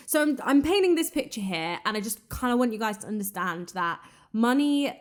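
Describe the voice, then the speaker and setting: Young woman just chatting on her podcast, open and rambly, lots of "like", medium pitch. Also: expressive, a little fast. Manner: candid, chatty, frequent "like" fillers. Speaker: podcast host. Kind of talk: casual solo podcast talk.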